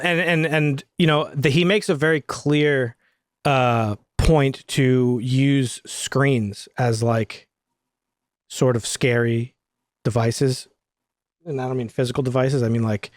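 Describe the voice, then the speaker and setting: A man chatting casually on a film review podcast, swearing freely and getting animated when he tells stories. His voice sits in a middle pitch. The sound is dry and close, with no room echo. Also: slow pace. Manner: profane, animated storytelling. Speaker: podcast co-host.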